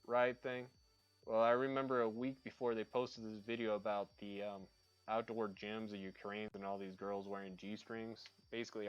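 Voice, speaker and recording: A man's voice: medium pitch, smooth, muffled recording. A man chatting casually while he paints on a livestream, ranting and swearing freely as he rambles from one opinion to the next.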